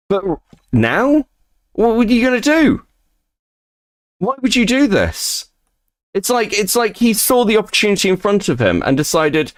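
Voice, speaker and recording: A man streaming live, ranting casually and profanely about online drama. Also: high voice.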